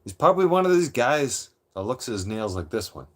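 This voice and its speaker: A middle-aged man, ranting on his live stream. He talks rough and profane, throwing out threats. His voice sits at an ordinary mid pitch for a man. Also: sing-song, brisk. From Toronto, Canada.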